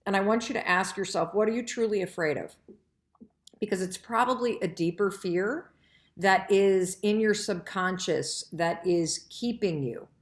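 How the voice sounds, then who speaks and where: A woman's voice: medium pitch, a little slow. A middle-aged woman hosting a live stream, giving earnest, emphatic advice straight to her listeners. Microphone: live-stream broadcast mic. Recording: echoey room.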